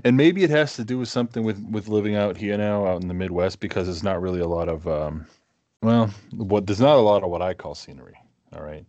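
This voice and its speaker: Man, podcast co-host, from New England, deep voice, casual and chatty. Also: brisk, dark tone, no room sound, dull audio. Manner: talkative, thinks aloud with fillers. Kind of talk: casual chat.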